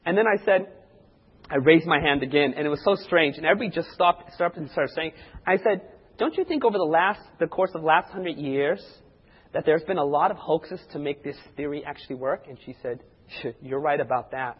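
A man with a somewhat high, husky voice tells a testimony from the pulpit, acting out every voice in his story. His sermon echoes with a long hall reverb, heard through a dull, lo-fi recording. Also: a little fast. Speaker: preacher.

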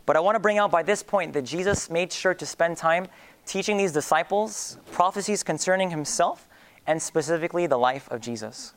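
A young man preaching a sermon in an earnest way, with many fillers and restarts. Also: fairly high pitch.

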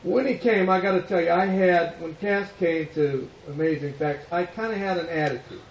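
A pastor with a high-pitched voice and a moderate pace tells a story in his sermon, acting out the voices of its characters. The recording comes from an echoey hall with a distant mic, sounding dull, with slight background noise.

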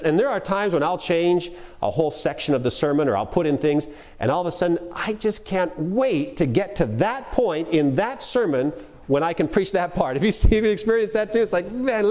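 A middle-aged man teaches a workshop on preaching in a loose, conversational way. His voice sits slightly high and swings up and down with real animation, and he acts out the lines he quotes. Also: a little mellow. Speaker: preaching instructor.

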